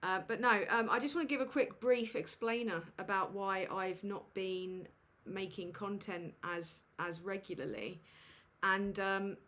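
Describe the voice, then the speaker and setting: Chatting on her home livestream via a USB desk microphone, a woman speaks a little slowly in a steady, fairly bright mid-range voice. She trails off into fillers, mocks herself in a flustered way, and swears casually as she goes.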